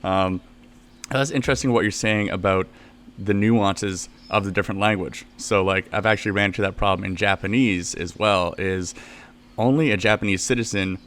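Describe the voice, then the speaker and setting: A man's voice: on the low side, steady tone, moderate pace, a bit bright. A man hosting a podcast interview, talking in a casual, chatty way and laughing easily as he introduces topics and asks questions. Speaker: podcast host.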